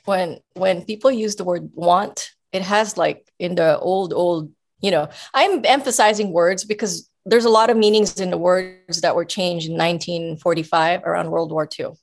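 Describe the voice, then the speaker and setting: A woman's voice: lowish voice, moderate pace, hardly any pauses. Woman coaching with emphatic energy. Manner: emphatic, animated explaining. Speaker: guest coach. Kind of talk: casual advice talk.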